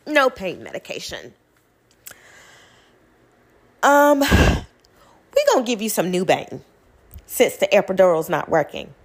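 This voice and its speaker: A young woman with a medium-pitched voice tells her viewers a personal story, blunt and animated, swearing freely.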